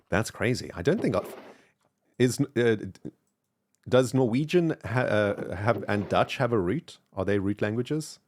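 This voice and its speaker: Streamer, male, low voice, South African accent softened by British, chatty and rambling. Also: lively intonation, slow pace, pauses often, a little hiss or hum. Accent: mixed South African and British English. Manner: chatty, thanks viewers warmly, rambling with fillers. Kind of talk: casual live-stream chat while gaming.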